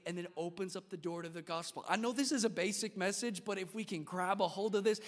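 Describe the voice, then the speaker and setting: A male pastor with a high voice preaching a lively sermon, mixing humor into a casual, conversational delivery. The sound carries a long reverb from a church sanctuary. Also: quick pace, hardly any pauses.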